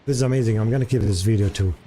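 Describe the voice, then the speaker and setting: A man's voice: lowish voice, racing, warm tone, a little hiss or hum. A man streaming live, chatting casually and rambling through many fillers while answering his chat.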